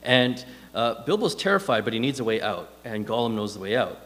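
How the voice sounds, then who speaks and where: A man's voice: mid-range voice, a little fast. A man preaching a sermon in a casual, conversational way, telling stories with plenty of fillers. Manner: conversational, animated storytelling with frequent fillers. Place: church hall. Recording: long hall reverb.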